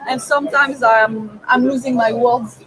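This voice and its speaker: A woman's voice: a little high, fairly even intonation, measured pace, poor audio. Chatty French-accented woman host, crowd behind. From France. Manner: chatty, searching for words, asks eager questions. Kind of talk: casual webinar conversation. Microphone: video call.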